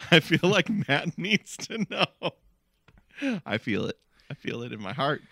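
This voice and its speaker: A man's voice: on the high side, sing-song, slow pace, vocal fry, pushed and bright, no room sound, studio quality. A man co-hosting a podcast in casual chat, often laughing between words. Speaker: podcast co-host.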